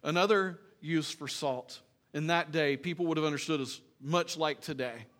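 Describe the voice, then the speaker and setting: A man's voice: a little high, normal speed. Earnest man preaching a sermon. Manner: earnest preaching, swings from emphatic to quiet asides. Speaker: pastor.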